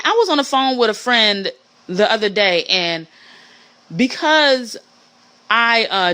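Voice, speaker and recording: A woman hosting a casual solo monologue in an animated way, swinging her pitch for emphasis and mimicking the people she talks about. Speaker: podcast host.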